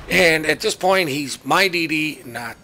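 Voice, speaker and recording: A man's voice: fairly high pitch, expressive, measured pace, pushed and bright, a little hiss or hum. A man giving casual, joking commentary over his own naval battle game footage, chatty and self-mocking. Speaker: gameplay commentator.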